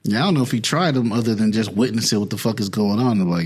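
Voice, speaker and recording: A young man co-hosting a casual podcast, telling stories with profane slang in an animated way. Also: on the low side, fast, breathy edge. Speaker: podcast co-host.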